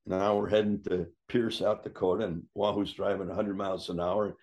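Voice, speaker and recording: A man with a fairly low voice spins a casual story, animated and quick to act out other people's lines. His voice leaps up high whenever he quotes someone, then settles back into an easy, conversational telling. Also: vocal fry, highs cut off. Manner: animated, acts out quoted voices with big pitch jumps. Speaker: storyteller guest.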